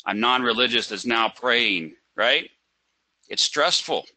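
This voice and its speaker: Lively man teaching trading. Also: medium pitch, slow pace, dry recording, poor audio. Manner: animated, rhetorical questions, acts out panic. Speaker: trading instructor. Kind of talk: live trading webinar.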